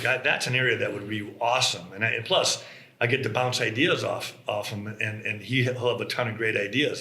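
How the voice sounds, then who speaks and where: Bright-voiced man, roomy echo. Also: mid-range voice. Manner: animated storyteller, acts out quotes. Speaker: co-founder of a mobile home business. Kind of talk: casual conversation.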